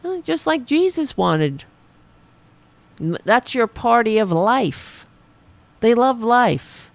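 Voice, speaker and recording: A woman hosting a political commentary show, reading news items and breaking off into sarcastic, profane rants in a slightly raspy voice. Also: medium pitch, big pitch swings, a little slow, dry recording. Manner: sarcastic, profane, reads news then riffs.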